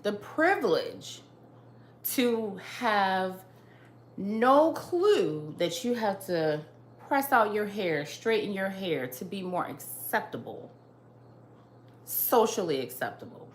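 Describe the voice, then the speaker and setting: A woman delivers an emphatic opinion monologue with a lively, swooping pitch and an unhurried pace. She lectures her listeners and hammers each point by repeating it. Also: echoey room, slight background noise. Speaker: host.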